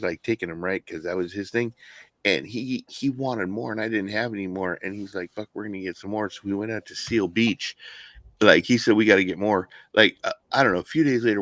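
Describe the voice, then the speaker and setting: A man's voice: fairly low pitch, a bit bright, no echo. A man co-hosting a casual podcast, telling a rambling story with lots of swearing and repeated words. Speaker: podcast co-host.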